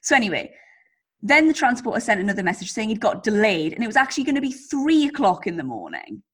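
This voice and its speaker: A woman chats on a podcast, spinning a rambling anecdote. Her voice is slightly husky and climbs and dips a lot, and she swears freely as she goes. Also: medium pitch, fast. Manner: animated storytelling with swearing. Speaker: podcast co-host. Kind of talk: casual chat.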